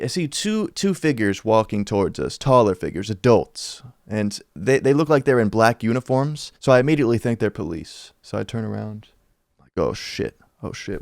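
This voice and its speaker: A young man spins a school-days story for his channel in loose, slangy talk. He jumps his voice up and down to act out the people in it. His voice is mid-pitched and sounds close and dry, with no room around it. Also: creaky, dry recording. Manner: animated, slangy, acts out quotes with shifting pitch. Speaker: YouTuber telling a life story. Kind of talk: casual storytelling over gameplay.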